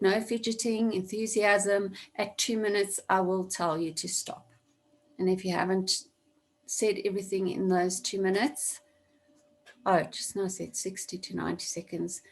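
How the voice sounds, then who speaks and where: Woman, teacher, gravelly edge, online lesson, computer mic, repeats key points. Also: mid-range voice. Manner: instructive, repeats points for emphasis. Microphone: computer mic on video call.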